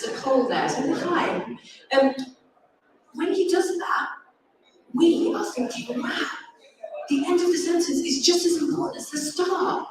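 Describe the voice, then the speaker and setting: A woman's voice: medium pitch, a little hiss or hum. A woman, a speaking consultant giving an enthusiastic, encouraging live talk to an audience. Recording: echoey, distant live room recording.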